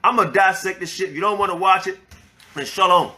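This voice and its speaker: Male religious elder, loud and profane, sharp high-pitched voice, heated rant. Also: brisk. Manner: angry, profane, preaching, repeats the clip's words to rebut them. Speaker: elder of a religious group, host reacting to a clip. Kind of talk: heated reaction commentary.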